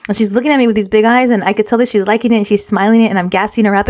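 Animated woman chatting in a dry room. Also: medium pitch, racing, few pauses, no room sound. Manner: animated storytelling, acts out her own and her kids' lines; emphatic, repeats phrases for stress. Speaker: podcast co-host. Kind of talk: candid casual chat.

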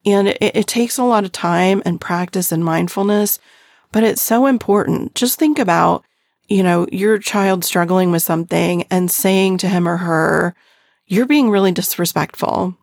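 Gravelly-voiced woman giving gentle parenting talk. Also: lowish voice, a little slow, no room sound, studio quality. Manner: gentle, earnest, addresses listener directly with frequent "right?". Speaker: parenting podcast host.

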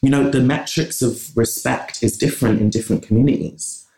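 A man's voice: mid-range voice, steady tone, brisk, vocal fry, mellow. A man from in England, a podcast guest talking passionately in long runs with restarts. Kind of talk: conversational interview. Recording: roomy echo.

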